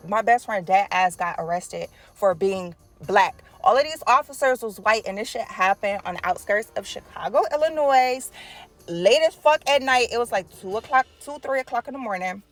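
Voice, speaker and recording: A woman telling a story in a casual storytime vlog, animated and profane, acting out the people she quotes. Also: medium pitch. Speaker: nail art vlogger telling a story.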